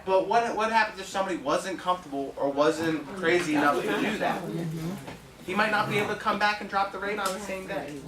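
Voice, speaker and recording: A man's voice: sits high, fairly quick, a crowd in the background. Chatty man talking in an echoey hall. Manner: chatty, laughs often, acts out quoted people. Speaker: home inspector speaking at a conference. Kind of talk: anecdotal conference talk. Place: conference room with an audience. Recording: echoey room, mic heard from far, audience noise.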